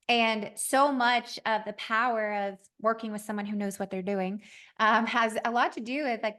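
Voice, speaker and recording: A woman podcast host in her thirties, telling a story in a lively, conversational way and acting out the dialogue. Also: fairly high pitch. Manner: animated, acts out quoted dialogue.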